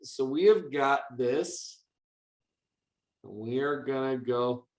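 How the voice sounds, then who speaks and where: A male teacher walks other teachers through a coding demo in a loose, upbeat way, full of fillers and quick restarts. His voice sits at a middle pitch, and the room adds a noticeable echo around him. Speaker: teacher leading a coding workshop. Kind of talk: casual hands-on teaching demo.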